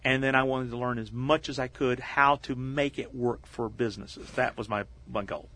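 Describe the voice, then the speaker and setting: A middle-aged man as an interview guest, telling stories in a lively conversational way and acting out the voices of the people he quotes. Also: medium pitch, normal speed. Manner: animated, acts out quoted voices. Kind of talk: conversational storytelling.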